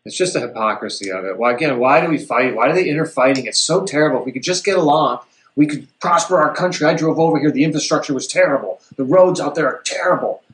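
A man's voice: fairly high pitch, fast, fairly bright tone. A man co-hosting a podcast who laments and sounds exasperated in casual political chat. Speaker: podcast co-host. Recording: echoey room.

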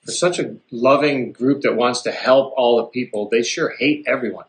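A man's voice: medium pitch, normal speed, hardly any pauses. Male co-host, exasperated and lamenting, recorded in a roomy, echoey space. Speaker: podcast co-host. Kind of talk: casual political chat. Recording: echoey room.

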